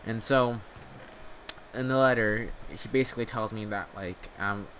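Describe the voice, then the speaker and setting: A man telling an absurd comic story in a meandering, deadpan way, full of filler words. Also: on the low side, moderate pace, slight background noise. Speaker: storyteller host.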